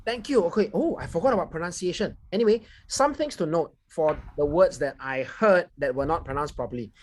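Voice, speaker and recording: On a video call, a speaker with a Singaporean accent gives a club speech evaluation, correcting grammar and pronunciation. The voice is mid-range, animated, and a little fast, with a little hiss or hum.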